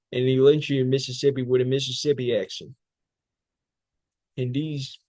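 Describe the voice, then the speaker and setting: Man, mid-pitched, delivering a recited speech with fiery rhetorical repetition; dry sound. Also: darkish tone, no echo. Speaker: public speaking student. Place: speech training class.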